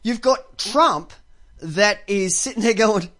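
An Australian man co-hosts a podcast, joking and quick to laugh in crude banter. His voice sits high and bounces around a lot. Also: expressive, pushed and bright. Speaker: podcast co-host.

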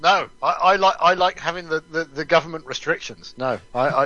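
Male radio co-host, sarcastic, halting, somewhat high, dry close sound. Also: bright, forceful tone, dry recording. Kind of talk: casual radio talk.

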